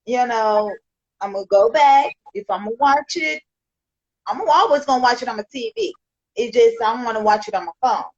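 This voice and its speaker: A woman's voice: a little high, brisk, a little mellow. A woman hosting her own podcast, chatting casually and enthusiastically with her guest. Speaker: podcast host. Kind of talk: casual interview chat. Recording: dull lo-fi audio.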